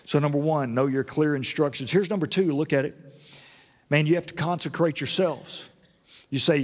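Man preaching in a reverberant church. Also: expressive. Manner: earnest preaching, rises high and loud for emphasis, drops low and slow. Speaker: senior pastor. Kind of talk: sermon. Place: church auditorium.

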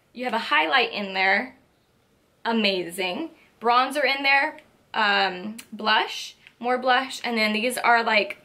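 A young woman beauty vlogger chatting casually through a makeup haul, gushing and excitable. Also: fairly high pitch. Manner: gushing, excitable, lots of "like" and "so cute". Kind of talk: casual product haul chat.

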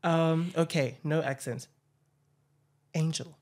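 A woman interviewer asking questions and running a word game, softly encouraging her guest. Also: low-pitched, fairly even intonation, takes it slowly. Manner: soft, encouraging backchannels.

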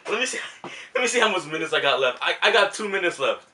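A man's voice: on the high side, very animated, fast, pushed and bright. A young man filming a prank vlog at home, apologizing over and over and laughing nervously. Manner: apologetic, laughing, repeating himself. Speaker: prank vlogger. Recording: roomy home audio, mic at a distance.

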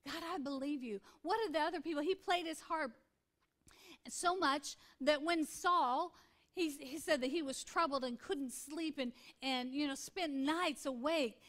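A woman's voice: high-pitched, unhurried, fairly bright tone. A woman pastor in her forties preaching a sermon in an earnest, conversational way, repeating points for emphasis.

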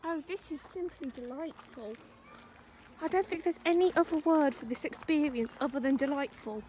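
A woman's voice: high-pitched, moderate pace, a little mellow, a little hiss or hum. A woman vlogging outdoors at a wildlife park, gushing and cooing at the animals in baby talk. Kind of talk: casual vlog commentary.

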